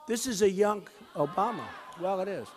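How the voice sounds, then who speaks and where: A man in his sixties giving a campaign rally speech, repeating lines for emphasis and swinging from loud outbursts to low asides. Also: expressive, moderate pace, noisy background. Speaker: presidential candidate. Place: high school gym with a crowd. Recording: long hall reverb.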